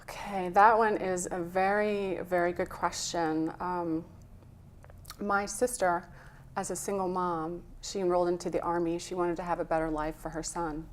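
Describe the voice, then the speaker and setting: A woman's voice: fairly low pitch, level tone, moderate pace, slight background noise. Earnest woman telling a story. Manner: earnest, storytelling, a little emotional. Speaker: health coach guest. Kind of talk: conversational interview.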